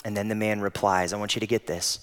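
A man's voice: on the low side, little pitch movement, fast talker, clear, resonant tone. Impassioned male preacher. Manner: impassioned, rising to loud emphatic peaks, then dropping soft and intimate. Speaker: pastor. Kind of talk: sermon. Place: church auditorium.

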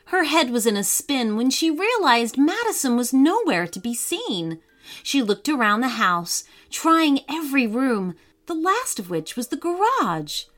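A woman narrating a children's story in an expressive, sing-song way. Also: high voice, unhurried.

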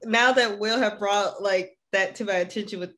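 A woman's voice: mid-range voice, fairly even intonation, normal speed, fairly bright tone. Laid-back woman, noisy home mic. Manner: laid-back, laughs often, trails off mid-sentence. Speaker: co-host. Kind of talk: casual chat.

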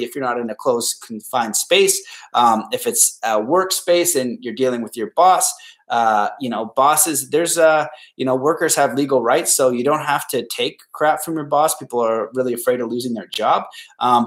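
A man's voice: mid-range voice, normal speed. A man hosting a solo podcast, giving casual, rambling advice and acting out the people he quotes. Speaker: podcast host.

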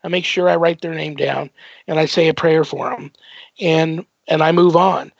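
Male radio host, gravelly and husky, loose rambling delivery, dull lo-fi broadcast sound. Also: on the high side, fairly even intonation, moderate pace, no room sound. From United States. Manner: warm-hearted rambling with many fillers. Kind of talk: casual radio interview chat. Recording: dull dry lo-fi broadcast audio.

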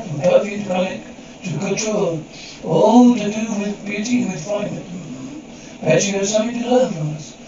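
A man's voice: high voice, heavy reverb, natural voice. A man speaking lines in a television drama scene, heard muffled and distant. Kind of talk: TV drama audio. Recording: muffled, distant TV audio with crowd noise.

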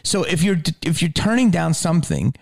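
A man hosting a podcast in casual chat, an animated storyteller who swears freely and sometimes drops to a low mutter. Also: moderate pace, gravelly, no room sound, clean studio sound. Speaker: podcast host.

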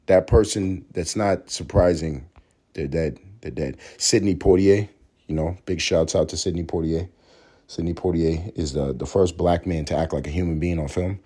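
A man with a low, warm, hoarse voice hosts a solo podcast despite a sore throat, speaking at a moderate pace with fairly even intonation. His casual monologue rambles and swears freely, sometimes slipping into a mock preacher's delivery.

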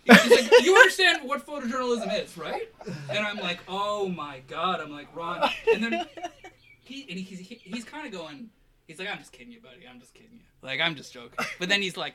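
Animated man telling an embarrassing story. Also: high voice, brisk. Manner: animated, self-deprecating, trails off into quiet embarrassment. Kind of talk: casual storytelling chat.

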